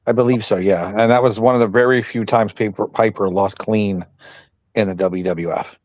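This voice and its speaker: A man's voice: lowish voice, steady tone, moderate pace, darkish tone, no room sound. A man co-hosting a podcast over a video call, giving blunt, offhand opinions. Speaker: podcast co-host. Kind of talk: casual chat.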